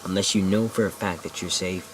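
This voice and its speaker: A young man with a low voice tells a scary story to the camera. He rambles, backtracks and swears as he goes. A faint hiss sits under the recording. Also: steady tone, brisk. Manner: rambling, full of "like" and restarts, swears often. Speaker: vlogger.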